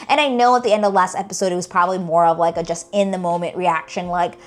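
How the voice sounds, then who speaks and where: Exasperated young woman reviewing a TV episode. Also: medium pitch. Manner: animated and exasperated, heavy use of "like" and "girl". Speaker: TV reaction vlogger. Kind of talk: casual reaction commentary.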